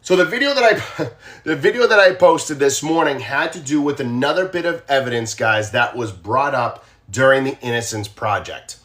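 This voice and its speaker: A man with a Boston accent hosts a casual true crime livestream in a mid-range, fairly bright voice at normal speed. He talks straight to viewers and repeats his questions to them.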